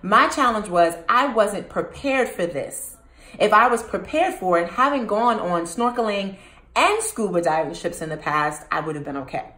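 A woman speaks at normal speed in a mid-range voice that reverberates around her as she hosts her own channel. Telling the camera a personal story, she's animated and turns to quiz the viewers.

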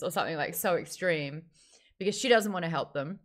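Woman, book club host, live stream chat, animated, lowish voice. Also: fairly quick. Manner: animated, reads out viewer names and comments.

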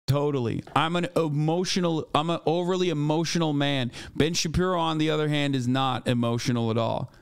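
A man's voice: fairly high pitch, smooth, dry recording, clean studio sound. A man streaming a reaction to a debate clip, ranting in a heated, profane and sarcastic way at the clip and at his chat. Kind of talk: heated livestream reaction commentary.

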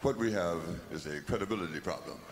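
A man putting on a deep, evasive movie producer. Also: fast, natural voice. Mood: smooth, patronizing. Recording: live hall recording, faint noise.

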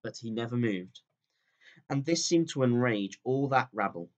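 A male teacher reading a chapter of a children's book aloud in a calm, steady storytelling voice that drops low at the ends of sentences. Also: normal speed, muffled recording.

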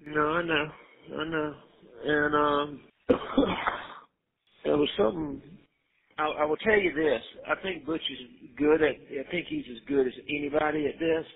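A man's voice: on the high side, measured pace, creaky, breathy edge. Middle-aged man on a tinny phone line. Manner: insistent, coaxing, fatherly advice. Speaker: father on a jail phone call. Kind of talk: recorded phone call.

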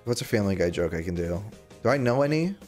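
Lively, joking male gamer streamer. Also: fairly low pitch, fast talker, soft background music. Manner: joking, reads chat aloud, sudden squeals and yelps. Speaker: livestreamer. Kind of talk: casual gameplay livestream chatter.

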